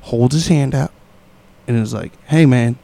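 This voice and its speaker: A man's voice: mid-range voice, unhurried, vocal fry, dark tone. A young man telling a wild story in casual chat, laughing often and acting out voices and sounds.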